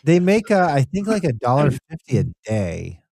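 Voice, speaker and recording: A man co-hosting a podcast in casual chat, dropping quick jokes. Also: fairly high pitch, big pitch swings, vocal fry, a little mellow, no room sound. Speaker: podcast co-host.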